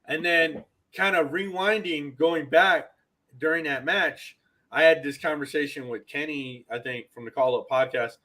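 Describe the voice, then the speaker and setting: A man's voice: fairly high pitch, a little slow, bright, forceful tone. A man co-hosting a wrestling podcast, talking in an emphatic, ranting way and repeating himself to make his point. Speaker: podcast co-host. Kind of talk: casual wrestling chat.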